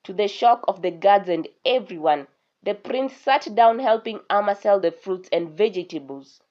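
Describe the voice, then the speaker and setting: A woman storyteller giving an expressive, scripted narration of a folk tale. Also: mid-range voice, normal speed. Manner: expressive reading. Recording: dull lo-fi recording.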